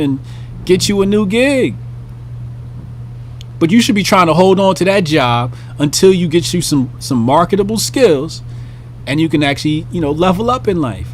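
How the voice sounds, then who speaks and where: A man's voice: on the high side, a little hiss or hum. Blunt, profane man riffing on the news. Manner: blunt, profane, animated, acts out bits of scenes. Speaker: commentary channel host. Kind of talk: casual commentary monologue.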